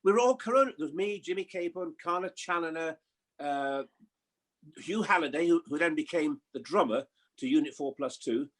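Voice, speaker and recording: A man in his seventies chatting as a guest, telling lively stories with chuckles and impressions. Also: on the high side, normal speed. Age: 70s. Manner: lively storyteller, chuckling, mimics voices. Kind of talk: anecdotal chat.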